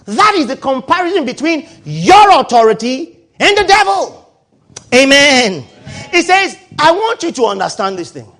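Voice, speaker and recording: Animated high-voiced pastor preaching. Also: male voice, normal speed. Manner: animated, shifts from loud exclaiming to low asides. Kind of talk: sermon.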